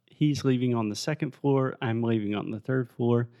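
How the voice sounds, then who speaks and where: A man co-hosting a podcast in casual chat, telling stories in a wry, deadpan way and correcting word usage. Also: medium pitch, moderate pace, no echo, lo-fi sound. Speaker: podcast co-host.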